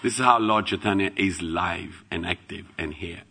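A middle-aged man tells devotional stories in a low, gravelly voice with a bright, forceful edge. He swings from loud exclamations to hushed asides and laughs as he goes. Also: moderate pace, soft background music. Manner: laughs while telling stories. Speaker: devotional speaker. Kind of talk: devotional storytelling talk.

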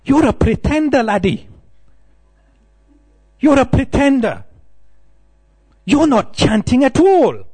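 A man voicing a stern older Scottish male monk in a put-on Scottish accent, giving gruff, scolding commands. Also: very high-pitched, sing-song, takes it slowly, pauses often, mellow, dry recording, pitched above the performer's own voice, full character voice.

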